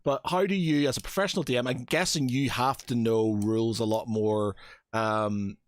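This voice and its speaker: A man's voice: mid-range voice, steady tone, normal speed, no echo, clean studio sound. A man co-hosting a podcast, chatting loosely and laughing easily. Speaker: podcast co-host. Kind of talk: casual chat.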